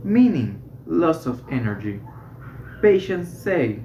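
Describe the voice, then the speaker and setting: A student slowly reading a medical English textbook aloud, correcting small slips along the way. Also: mid-range voice, animated, warm tone, slight background noise. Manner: slow, careful reading with self-corrections. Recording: roomy, slightly dull home recording.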